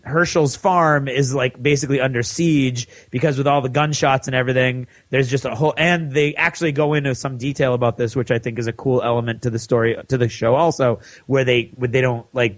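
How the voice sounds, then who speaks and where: A man co-hosting a podcast who gives an animated recap of a TV episode and acts out the characters' lines. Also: medium pitch, no room sound. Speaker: podcast co-host.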